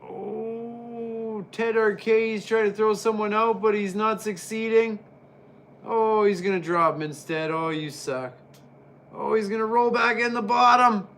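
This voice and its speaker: A man's voice: high voice, measured pace, a little hiss or hum. A man giving casual, jokey play-by-play commentary while reviewing an old wrestling match. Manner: excitable, jokey, chatty.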